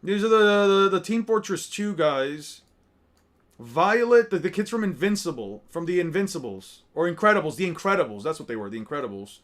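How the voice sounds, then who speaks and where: A man's voice: high voice, lively intonation, brisk, fairly bright tone. A man giving casual, profane commentary, muttering names and reactions as he looks over a crowded picture. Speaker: streamer reacting to artwork.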